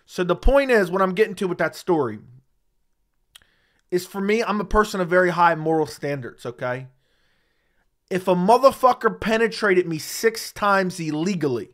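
Man, slightly high voice, heated profane livestream rant, studio mic. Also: animated, moderate pace, a bit bright. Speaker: MMA commentary host. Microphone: studio dynamic mic.

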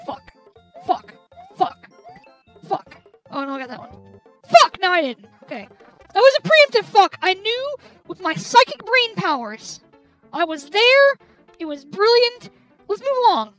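A tipsy young woman with an extremely high, bouncing voice that leaps all over the place, shouting and cursing at a video game. Her commentary is loud and foul-mouthed. Faint game music plays softly behind her. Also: big pitch swings, unhurried, pauses often, low-quality recording. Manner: loud, swearing, yelling at the game. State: tipsy from drinking. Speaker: gamer playing and commenting. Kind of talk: let's play commentary while drinking.

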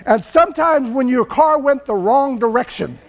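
Older california preacher guy, really high voice, chatty sermon that gets loud and shouty. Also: animated, normal speed, a faint crowd. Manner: loose, conversational preaching that swells into emphatic shouting. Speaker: pastor.

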